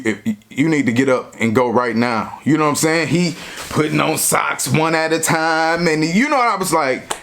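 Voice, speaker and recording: Slangy high-voiced man rambling a story. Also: a bit bright. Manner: rambling, heavy "you know" fillers, slangy. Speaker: vlogger telling a story. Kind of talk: casual storytime monologue.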